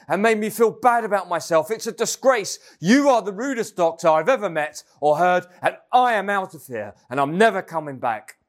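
A man voicing an outraged, indignant female heart patient, shrill and offended. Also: close to an everyday voice. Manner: huffy, offended.

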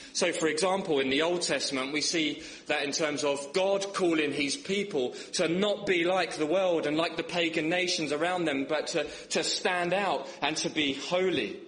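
A young man preaching a sermon in church, joking and telling stories, his voice rising for emphasis. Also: a bit bright. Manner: humorous, storytelling, rises in pitch for emphasis. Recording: echoey church hall with faint background noise.

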